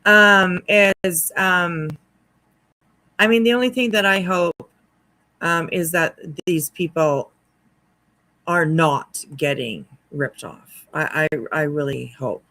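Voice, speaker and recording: A commentary host talking wryly over a livestream, hesitant with many pauses and restarts. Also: medium pitch, sharp tone, no room sound, poor audio.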